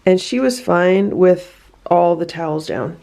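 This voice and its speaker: A woman's voice: on the low side, expressive, a little slow, gravelly, dark tone. A woman filming a casual vlog at home, talking soothingly to a rescued cat and explaining her care in a coaxing, sing-song way.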